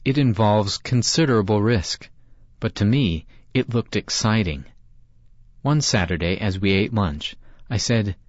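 A male storyteller reads in scripted narration, measured and reflective. His voice is on the low side. The recording is dull and dry, like lo-fi audio from a small booth. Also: no echo.

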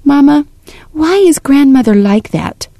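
A woman's voice: sits high, expressive, a little slow, mellow, no room sound, studio quality, pitched above the performer's own voice. A woman voicing a shy, anxious young girl asking timid questions.

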